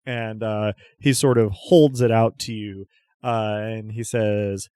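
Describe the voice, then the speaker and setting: A man's voice: fairly low pitch, fairly even intonation, slow pace, darkish tone, clean tone, no room sound, studio quality. A man narrating a tabletop game as game master, chatty and often restarting his descriptions.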